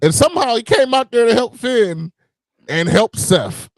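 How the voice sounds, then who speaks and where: A man's voice: extremely high pitch, very animated, a little slow, dry recording. A man co-hosting a casual wrestling podcast, blunt, profane and wisecracking. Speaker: podcast co-host.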